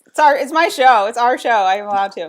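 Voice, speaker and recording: A woman's voice: fairly high pitch, animated, fast. A woman hosting a casual live-stream chat, upbeat and enthusiastic as she promotes her work. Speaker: coach and host.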